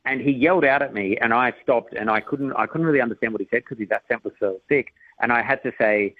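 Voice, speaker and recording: A man's voice: mid-range voice, fast, no room sound. Aussie comedian guy, giggly chatty storyteller, dry muffled line. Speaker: comedian guest. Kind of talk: casual radio interview chat.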